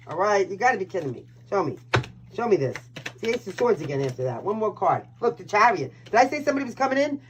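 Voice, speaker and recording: Hosting a laid-back tarot live stream, this Brooklyn-born woman speaks in a Brooklyn accent, brash and chatty, cursing and cracking herself up. Her voice is medium-pitched, with lo-fi sound and a noisy background.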